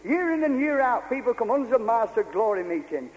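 A man's voice: very high voice, sing-song, fast talker. An older man preaching a fervent, repetitive revival sermon to a congregation in a meeting hall.

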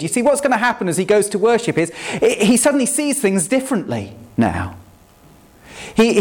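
A man preaching a sermon, talking conversationally and asking the congregation rhetorical questions. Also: high voice. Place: church.

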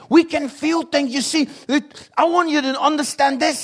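A man preaching a sermon, impassioned, swinging between hushed lines and loud ones. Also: very high voice, fairly even intonation, moderate pace, vocal fry, hardly any pauses, husky.

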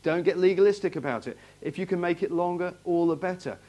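A man preaches to his congregation in a loose, conversational way. He asks the room question after question and restarts his phrases as he goes. His voice sits a little on the high side. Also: quick pace, dark tone. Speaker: pastor. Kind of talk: sermon. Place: church hall, in front of a congregation.

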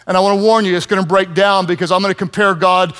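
A man in his fifties preaching a sermon, telling stories with lively, self-mocking humor. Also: high-pitched, quick pace, smooth, soft background music. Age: 50s. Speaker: pastor.

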